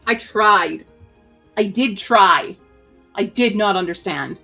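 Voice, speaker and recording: A woman's voice: medium pitch, takes it slowly, creaky, long pauses, bright, forceful tone, faint music behind. A woman hosting a casual writing-sprint livestream from home, chatting playfully and talking to her pet bird. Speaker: writing sprint stream host.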